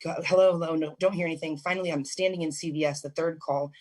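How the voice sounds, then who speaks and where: A woman's voice: low voice, fairly even intonation, fast talker. A young adult woman, a guest on a call-in radio interview, telling an emotional personal story in a rambling way, full of restarts and fillers.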